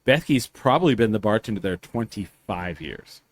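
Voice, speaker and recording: A man's voice: lowish voice, expressive, moderate pace, no echo. A man hosting a podcast, telling stories in a rambling, profane way and doing voices for the people in them. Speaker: podcast host. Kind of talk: casual chat, storytelling.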